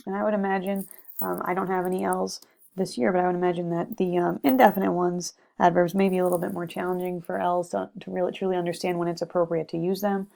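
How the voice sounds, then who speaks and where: A woman's voice: on the low side, flat delivery, fast, vocal fry, warm tone. A young woman giving a recorded slide lecture on grammar, methodical, with frequent "okay" and "um". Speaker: teacher presenting a lesson.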